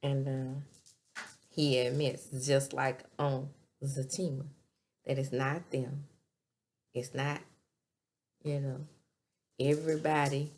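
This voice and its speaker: A woman casually recapping a TV episode, chatty, with quick asides between scenes. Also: sits low, darkish tone, a little hiss or hum. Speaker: TV episode reviewer.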